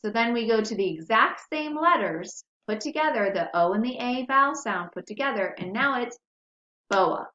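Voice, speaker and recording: A woman's voice: fairly high pitch, animated, moderate pace, hardly any pauses, bright, forceful tone. A woman teacher giving a recorded spelling lesson to young children, patiently sounding out words syllable by syllable. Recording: echoey room, dull lo-fi sound.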